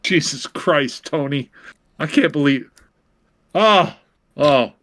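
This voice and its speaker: A man's voice: on the high side, animated, takes it slowly, a bit bright. A man co-hosting a crude comedy podcast, playing the exasperated straight man who swears and pushes his partner to get on with it. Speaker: podcast co-host.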